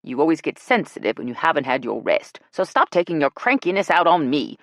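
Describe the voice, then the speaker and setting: Brash older woman, blunt and teasing, loud, read by a female narrator. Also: low voice, sing-song, a little fast, dry recording. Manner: brash and bossy.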